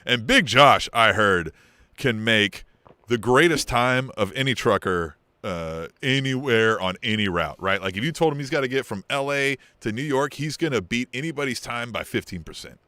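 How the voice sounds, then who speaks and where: A man co-hosting a podcast in casual chat, excitable and laughing often as he acts out quotes. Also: mid-range voice, moderate pace, dry recording. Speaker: podcast co-host.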